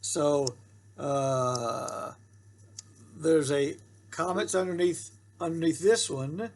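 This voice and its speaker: A man's voice: a little high, slow, darkish tone, a little hiss or hum. A man teaching a Hebrew lesson, patiently repeating rules and sounding out syllables. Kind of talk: slow classroom-style lesson.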